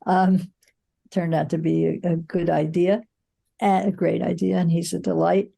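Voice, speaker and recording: Older female producer; low, mellow, thoughtful storyteller. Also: flat delivery, moderate pace, gravelly. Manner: reflective storytelling, frequent "you know" and restarts. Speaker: film producer, guest. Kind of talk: candid interview answers.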